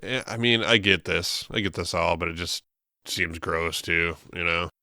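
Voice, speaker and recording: A man's voice: low-pitched, normal speed, pushed and bright, no echo, studio quality. A married man co-hosting a podcast, chiming in with short jokes and frequent laughter. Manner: laughs often, short wisecracks. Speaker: podcast co-host. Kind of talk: casual podcast banter.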